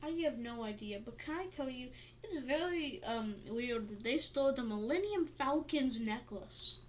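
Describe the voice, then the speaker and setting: A woman's voice: sits high, animated, normal speed, a little hiss or hum. A woman co-hosting a podcast in casual chat, tired and yawning, playful and jokey as she wanders off-topic. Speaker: podcast co-host.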